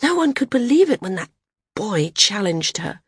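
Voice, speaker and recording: A woman's voice: mid-range voice, big pitch swings, moderate pace, breathy edge, no room sound, clean studio sound. A woman voicing an impatient young woman flyer who speaks heatedly and accusingly.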